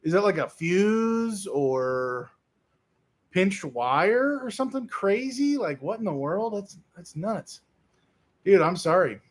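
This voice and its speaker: Man, livestream host, casual chat, slow, rambling, fillers and restarts, reads out viewer comments, slightly high voice. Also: very animated. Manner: reads viewer comments aloud and answers them.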